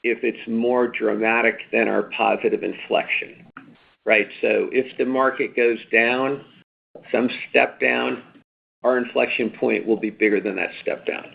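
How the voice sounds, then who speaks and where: A man's voice: mid-range voice, steady tone, measured pace, gravelly, slightly rough. A man, a company executive, answering analysts' questions on an earnings call in an emphatic, repetitive way, often adding "right?". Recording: tinny phone line.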